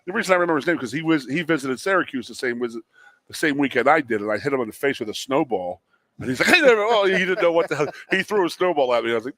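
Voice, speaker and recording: In a studio at a restaurant, a man in his forties who once played college lineman co-hosts a sports radio show. He tells a long story in casual chat, animatedly acting out the people in it with raised voices. His pitch is medium, his pace quick, and the recording dry.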